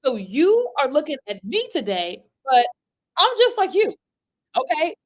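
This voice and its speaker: A woman's voice: high-pitched, measured pace, poor audio. A woman coaching people on content creation in a chatty livestream, often checking in with the audience. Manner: animated, chatty, asks the audience for replies, frequent "right?" and "okay?". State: itchy from an allergy. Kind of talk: livestream talk to viewers. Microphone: computer webcam.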